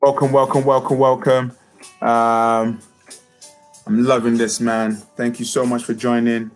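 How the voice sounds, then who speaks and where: A man's voice: medium pitch, level tone, a little slow, faint music behind, poor audio. A man, a motivational speaker and youth coach, hosting a live stream talk, upbeat and repeating phrases as he addresses viewers directly. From United Kingdom.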